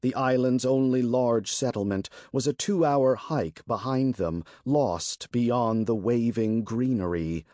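A man reading fantasy narration for an audiobook in a slow, deliberate and expressive way. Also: medium pitch, no echo. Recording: dry close studio recording.

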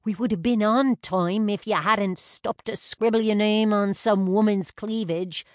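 A woman's voice: medium pitch, steady tone, measured pace, no room sound, clean studio sound, voice pushed up, natural voice. A woman reading an audiobook and voicing a cocky young male dancer who boasts and teases his brother. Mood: teasing. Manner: teasing, boastful.

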